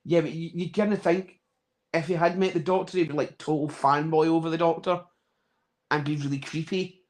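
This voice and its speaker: A man co-hosting a podcast in casual chat, speaking quietly in short interjections. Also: fairly high pitch, steady tone, a little fast. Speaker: podcast co-host.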